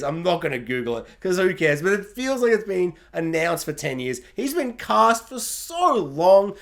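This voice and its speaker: A man casually reviewing a film, excitable and jokey, acting out reactions as he talks. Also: high-pitched. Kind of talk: casual spoiler review to camera.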